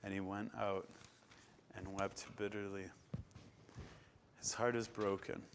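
A man preaching a sermon, retelling scripture with dramatic swings from loud declarations to hushed, quiet passages. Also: fairly low pitch, flat delivery, slow pace, slight background noise.

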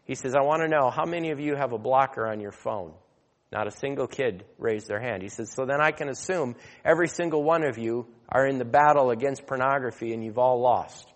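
A man preaching a sermon, telling a story and then growing loud and emphatic as he exhorts. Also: medium pitch, a little fast. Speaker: pastor. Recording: long hall reverb.

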